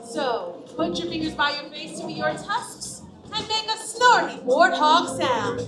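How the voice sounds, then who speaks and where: A woman's voice: sits high, lively intonation, measured pace. A woman playing a sassy, self-assured troupe performer, teasing the crowd in a live theme park show. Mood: rallying. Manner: teasing, flirty banter with the crowd. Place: outdoor theme park stage. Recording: roomy, from far off, music and crowd.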